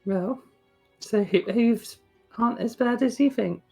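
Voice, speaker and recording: A woman's voice: a little high, a little slow, creaky, darkish tone, breathy edge, faint music behind, rough recording. Hesitant, bookish woman player. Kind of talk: in-character tabletop play.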